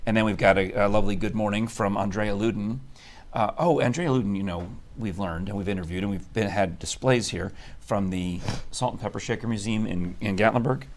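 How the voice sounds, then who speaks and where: A man hosting a live studio talk show in a chatty, animated, teasing way. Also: lowish voice, a little fast. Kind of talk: casual live-stream chat.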